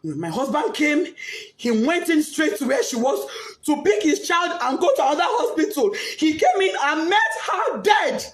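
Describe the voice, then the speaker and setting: A grieving Nigerian mother with Yoruba as her first language, giving an impassioned, tearful statement and often shouting as she pleads. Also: high voice, big pitch swings, normal speed. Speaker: bereaved mother. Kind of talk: emotional personal statement.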